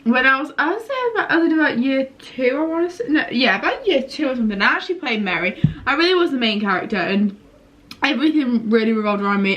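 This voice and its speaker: A young woman chats through a casual home vlog, rambling into little story times and poking fun at herself. Her voice sits a touch high. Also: a bit bright, lo-fi sound. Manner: chatty, self-mocking, rambling story times. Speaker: vlogger. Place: her bedroom and kitchen at home.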